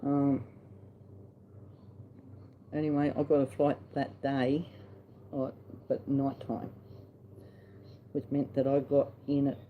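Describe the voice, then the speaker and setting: A man's voice: mid-range voice, level tone, slow, pauses often, phone-quality sound, a little hiss or hum. A middle-aged man with an Australian accent tells a personal story in a casual, blunt, salty way, acting out past conversations. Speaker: vlogger.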